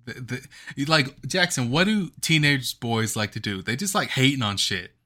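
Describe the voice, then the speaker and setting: A man's voice: mid-range voice, animated, normal speed, bright, forceful tone. A man in his twenties co-hosting a podcast, talking in a passionate, rambling, emphatic way in casual sports chat. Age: 20s. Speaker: podcast co-host.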